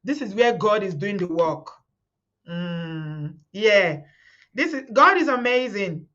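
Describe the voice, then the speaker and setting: Here the Nigerian stream host, a middle-aged woman, speaks slowly at a medium pitch, expressive and a bit bright, though the audio is dull. She talks fervently to her live community viewers, repeating words and quoting those she speaks about.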